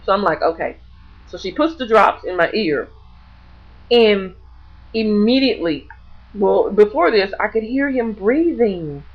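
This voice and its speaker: A woman's voice: mid-range voice, measured pace, pauses often, lo-fi sound. A woman vlogger telling a personal story to camera in casual speech, acting out the lines of others with many restarts and repeated words. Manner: animated, acts out the dialogue of others.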